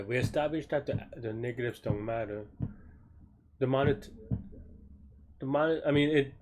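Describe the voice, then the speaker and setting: Against a noisy background, the same weary, yawning coder works through a problem live, his ordinary mid-pitched voice slow and sleepy. He keeps stopping, second-guessing his ideas, starting over and letting thoughts trail away.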